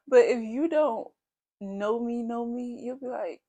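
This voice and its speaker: A woman's voice: mid-range voice, normal speed, mellow. A woman in her thirties, a vlogger talking candidly and bluntly to her viewers in a casual confessional style. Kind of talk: casual confessional vlog talk.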